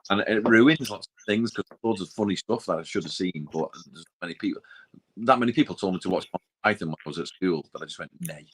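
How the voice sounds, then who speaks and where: A very low-voiced man, chatting casually on a film podcast. He rambles, restarts his sentences and trails off into quiet, mumbled asides. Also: fast, breathy edge, low-quality recording. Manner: rambling, self-interrupting, drops into quiet asides. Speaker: podcast co-host. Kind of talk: casual chat.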